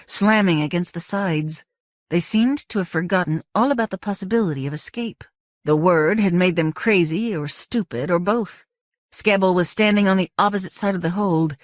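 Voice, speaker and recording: A woman's voice: lowish voice, dry recording, clean studio sound. Woman reading a fantasy audiobook. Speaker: audiobook narrator. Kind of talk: scripted audiobook narration.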